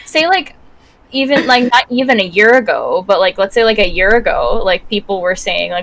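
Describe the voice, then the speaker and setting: A woman co-hosting a casual podcast chat, talking in a chatty, animated way with many fillers. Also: medium pitch, moderate pace, gravelly, a little hiss or hum, poor audio. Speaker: podcast co-host.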